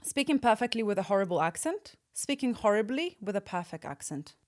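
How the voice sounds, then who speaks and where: A woman hosting a casual interview, playful and quick with her questions, laughing along with the guest. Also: mid-range voice, very animated, darkish tone. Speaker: podcast host.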